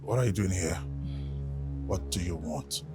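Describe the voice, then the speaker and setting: A Nigerian-accented actor playing a proud shop owner who shouts in anger and stammers when scared, in a film drama. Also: male voice, deep voice, measured pace, over loud music. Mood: angry.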